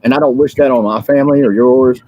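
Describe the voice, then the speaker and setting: A drowsy American man who has just woken up hosts a livestream, delivering a fiery, repetitive political rant full of fillers and restarts. He talks at a quick pace in a medium-pitched, steady voice, on a dry, lo-fi recording.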